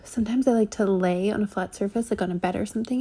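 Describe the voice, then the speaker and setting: A woman reading and commenting on a channeled spiritual transmission, speaking haltingly with many ums and likes and a slightly shaky voice. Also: mid-range voice, mellow, breathy edge. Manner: halting, full of ums and likes, trips over words.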